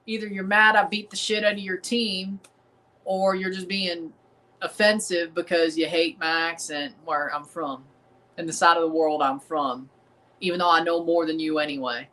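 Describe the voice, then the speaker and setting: Bright-voiced Southern US man ranting. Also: fairly high pitch, steady tone, normal speed, rough recording. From American South. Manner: defiant, rambling, repeats himself. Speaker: streamer hosting a match watchalong. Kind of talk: casual livestream commentary.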